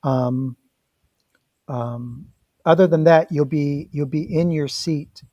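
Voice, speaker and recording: A man's voice: a little high, slow, warm tone, no echo, highs cut off. A man directing a casual production meeting over a video call, explaining plans in an easygoing, reassuring way.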